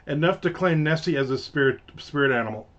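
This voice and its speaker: A man's voice: a little high, fast, a bit bright, lo-fi sound. A man in his fifties chatting casually on a live stream, telling a rambling, joking story. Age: 50s. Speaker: author streaming a live writing session.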